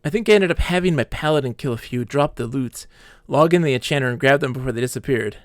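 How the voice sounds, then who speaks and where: A man's voice: medium pitch, fast talker, no echo. Chatty male game streamer, dry mic. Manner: animated storytelling, acts out quoted players. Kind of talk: casual live-stream chat while gaming.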